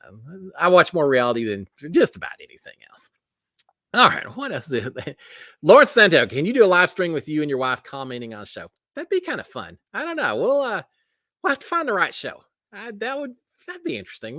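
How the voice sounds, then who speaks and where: Middle-aged guy from the states rambling on a live stream, bright voice, dry close sound. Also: high voice, huge pitch swings, fairly quick, dry recording. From United States. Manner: chatty and rambling, many fillers and restarts. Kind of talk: casual chat reading viewer comments.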